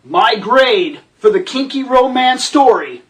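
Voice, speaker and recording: A man's voice: extremely high pitch, lively intonation, takes it slowly, distant mic. A man hosting a ranting movie review, profane, sarcastic and exasperated. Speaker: host.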